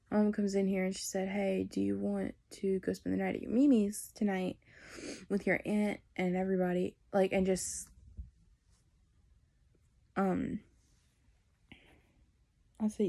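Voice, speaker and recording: Young woman, vlogger, candid and rambling, level delivery, soft warm tone. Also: mid-range voice, creaky. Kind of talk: personal storytelling.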